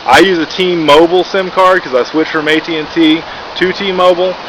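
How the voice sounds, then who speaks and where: A man's voice: on the high side, fairly even intonation, moderate pace. A man from Texas giving a casual, rambling product review, full of "uh" and "basically", with lots of restarts. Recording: background noise.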